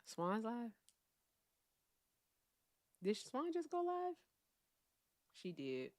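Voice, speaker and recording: A woman hosting a live call-in stream, chatting casually and swinging between loud remarks and hushed asides. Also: medium pitch, huge pitch swings, slow, pauses often, no echo, clean studio sound. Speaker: livestream host.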